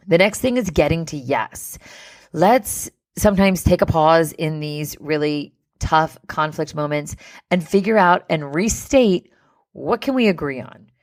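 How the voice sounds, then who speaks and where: Woman host, low voice, chatty advice talk full of "like" and "right?", adult with kids. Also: measured pace, darkish tone. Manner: conversational, many "like" and "right?" fillers. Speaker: podcast host giving wedding advice.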